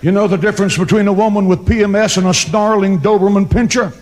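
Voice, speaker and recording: A pastor giving an emphatic, dramatic sermon to a congregation, mixing scripture with joking asides. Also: male voice, high voice, fairly even intonation, fast talker, noisy background. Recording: long reverb of a large hall.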